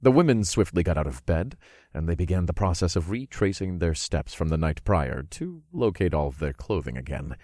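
A man reads a first-person audiobook in a very low, husky voice. His pitch moves in a lively, animated way through the story, and the recording is close and dry. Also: normal speed, no echo. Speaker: audiobook narrator.

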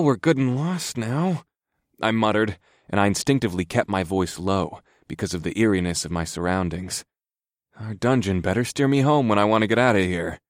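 Man, very low voice, wry grumbling first-person narration, dry close mic. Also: no echo. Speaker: audiobook narrator.

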